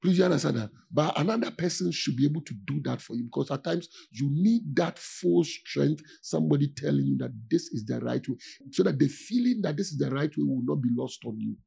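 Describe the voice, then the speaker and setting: A man's voice: on the high side, expressive, gravelly, mellow, breathy edge. A man, a pastor, giving a conversational sermon in an informal way, often stopping to ask his listeners whether they follow. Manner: informal, asks "do you see?" often, with laughs and pauses.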